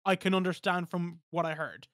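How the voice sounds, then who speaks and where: A man's voice: high voice, fairly even intonation, fairly quick, a bit bright, no room sound, clean studio sound. A man talking as a podcast guest in casual chat, blunt and emphatic, swearing freely.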